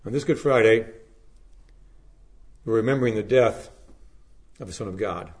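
A man preaching a Good Friday sermon, reading scripture aloud, then preaching in an earnest, measured way with dramatic rises and hushed drops. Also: on the low side. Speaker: pastor.

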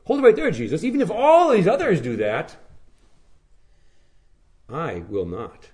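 A man's voice: mid-range voice, big pitch swings, slow. A man acting out a proud, stubborn male disciple who insists he will never fail, in raised, defiant protests. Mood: boastful.

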